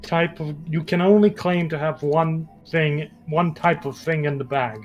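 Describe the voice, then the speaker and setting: A man's voice: on the high side, a little slow, lo-fi sound, faint music behind. A man playing a casual online board game with friends, talking hesitantly and laughing often. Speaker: player acting as sheriff.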